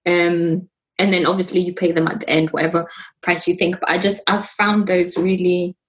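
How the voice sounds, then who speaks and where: A woman's voice: on the low side, moderate pace, poor audio. Chatty British woman telling stories. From Britain. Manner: chatty, lively storytelling with frequent fillers. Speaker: guest. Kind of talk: casual conversation.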